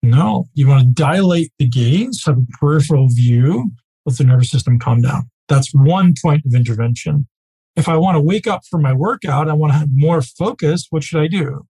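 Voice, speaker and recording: A man teaching a live group as a coach, speaking casually and emphatically, often checking in with a quick "right?". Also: fairly high pitch, mellow, breathy edge, low-quality recording.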